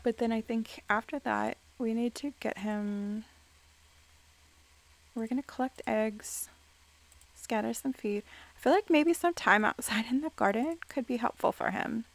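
A woman giving excitable game commentary, reacting with quick exclamations and playfully scolding the characters on screen. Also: on the high side, gravelly. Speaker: let's play gamer.

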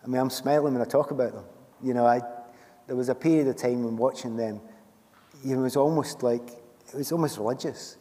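Middle-aged Scottish man, warm low-toned voice, chatty storyteller on a hall stage. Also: fairly even intonation, brisk. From Scotland. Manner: chatty, storytelling, laughs often. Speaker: guest author. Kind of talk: stage conversation at a book festival. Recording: long hall reverb from a festival stage.

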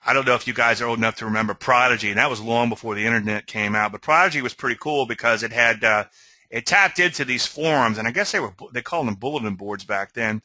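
Very bright, lively man explaining trades. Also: mid-range voice, fast talker, no echo, rough recording. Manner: animated, talks straight to viewers with frequent "okay?". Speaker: host of a weekly market chart show. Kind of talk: webinar-style trading commentary.

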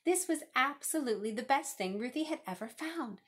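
Woman, picture-book read-aloud, expressive, lively storytelling. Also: high voice, a little fast. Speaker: reader.

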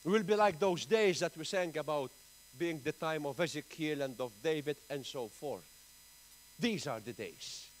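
A man with a Maltese accent preaching a sermon in church, emphatic, with big swings in pitch and loudness. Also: normal speed, a little hiss or hum, low-quality recording. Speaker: pastor.

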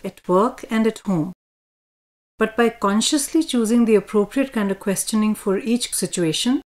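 A woman from India reading a scripted educational lesson on communication in a measured, instructive way. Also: a little high, darkish tone. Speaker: lesson narrator.

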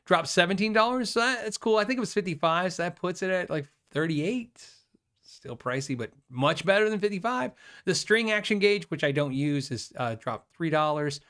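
A man hosting a live guitar show, chatting casually and rambling, with fillers and quick self-deprecating laughs. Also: sits high, expressive, a bit bright, clean tone. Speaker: host of a guitar livestream. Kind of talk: casual live chat reading viewer questions.

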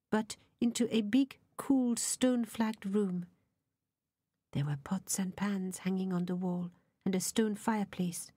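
A woman reading a novel aloud as an audiobook narrator, soft and often half-whispered. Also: medium pitch, no room sound.

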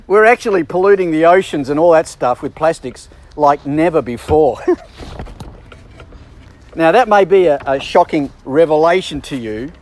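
High-voiced preacher, chatty. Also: male voice. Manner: chatty, self-deprecating humor with asides. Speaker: bishop preaching. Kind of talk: sermon.

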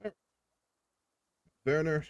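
A man's voice: takes it slowly, no room sound, lo-fi sound. A young man streaming a strategy game, chatting casually with viewers and rambling with fillers. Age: young adult. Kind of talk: casual live-stream commentary.

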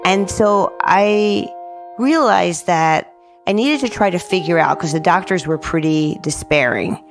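A middle-aged woman from New Jersey, a guest telling stories in an animated, chatty way, often saying "like". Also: on the low side, a little slow, soft background music. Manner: lively, says "like" often, acts out quoted dialogue. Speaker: guest, public art director. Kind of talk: animated storytelling in casual chat.

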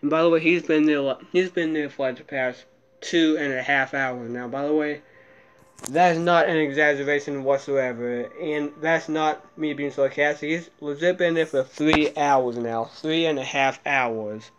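A man's voice: on the high side, moderate pace, clear, resonant tone, highs cut off. Man, casual handheld vlog, camera mic, jittery, mutters and swears under his breath. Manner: soft baby talk to his cat. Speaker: vlogger.

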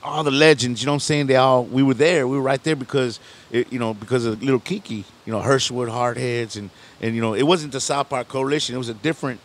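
A man's voice: medium pitch, steady tone, fast talker. A middle-aged man, a rapper, telling a long story in a casual interview, rambling in loose slang, restarting sentences and often asking "you know what I'm saying". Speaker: rapper guest on a podcast.

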